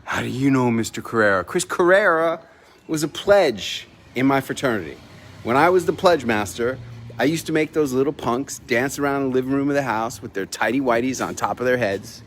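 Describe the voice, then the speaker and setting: A middle-aged man hosting a casual vlog from his home, telling a personal story with lively delivery and acted-out dialogue. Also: mid-range voice, normal speed, a little hiss or hum. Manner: animated storyteller, acts out quoted dialogue. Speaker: vlog host. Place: home in Mexico.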